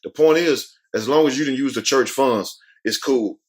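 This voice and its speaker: A man hosting a casual commentary show, reading news items aloud and riffing on them in a blunt, slangy, animated way. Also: mid-range voice, moderate pace. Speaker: host.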